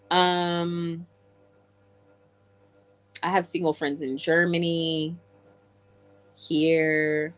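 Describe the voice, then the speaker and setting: Woman from England, low voice, chatty livestream host answering viewers. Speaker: live streamer. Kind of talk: casual livestream chat.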